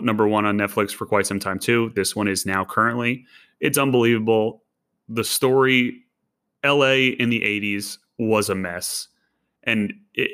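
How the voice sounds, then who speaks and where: Bright-voiced man, emphatic co-host. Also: on the low side. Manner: emphatic, insistent recommendations. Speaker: podcast co-host. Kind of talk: casual chat.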